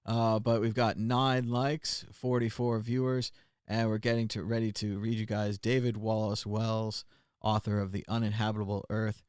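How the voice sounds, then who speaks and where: A man's voice: fairly low pitch, level tone, normal speed, darkish tone, clear, resonant tone, no room sound, studio quality. A man hosting a live call-in stream, chatting casually and muttering his steps aloud as he works the computer. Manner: rambling, thinks aloud and mutters while working the computer.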